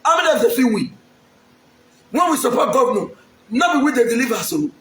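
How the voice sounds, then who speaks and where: A man's voice: very high voice, big pitch swings, brisk, a bit bright, echoey room. A man from Edo State, Nigeria, with a Nigerian accent, making an emphatic, pleading public appeal straight to the camera and repeating his lines. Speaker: aspiring local politician.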